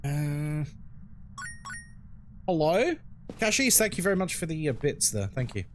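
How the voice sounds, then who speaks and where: A man's voice: fairly high pitch, very animated, brisk, a bit bright, a little hiss or hum. A man with a London accent, chatting frankly on a live game stream and answering his chat as he plays. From England.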